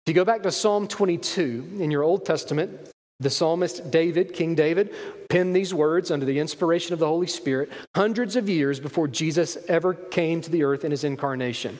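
A man's voice: fairly high pitch, brisk, a little mellow, in a large hall. A man in his thirties preaching a conversational sermon as pastor, acting out quoted voices.

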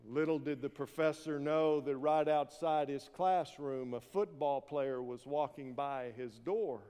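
A man preaching a sermon, reading scripture and telling stories with shouted quoted lines. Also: a little high, unhurried, clean tone. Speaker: pastor. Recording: long reverb of a large hall.

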